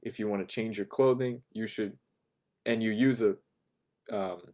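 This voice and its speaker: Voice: medium pitch, steady tone, normal speed, darkish tone. A language teacher explaining a lesson in a chatty way, with ums and laughing asides.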